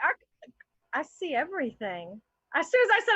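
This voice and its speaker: A woman hosting a live improv comedy show, laughing through quick asides to her cast. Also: high voice, very animated, bright, forceful tone, dry recording, muffled recording.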